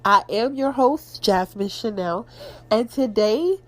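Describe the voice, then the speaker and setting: A woman hosting her own podcast, talking candidly and expressively about her week and her faith, clearing her throat now and then. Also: on the high side, lively intonation, slow. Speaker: podcast host. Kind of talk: casual personal talk.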